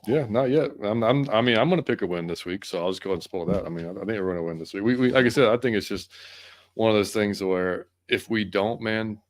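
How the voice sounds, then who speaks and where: A man's voice: lowish voice, fast talker, no echo. A man talking casually about his team, rambling with restarts in a laid-back way. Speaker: co-host guest. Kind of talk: casual sports chat.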